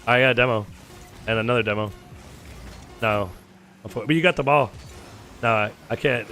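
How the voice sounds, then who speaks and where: An American man streaming a video game, casually bantering and joking with viewers, swinging between loud excitement and low mumbling. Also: normal speed, pauses often, faint music behind. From United States. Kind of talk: casual gaming chat with viewers.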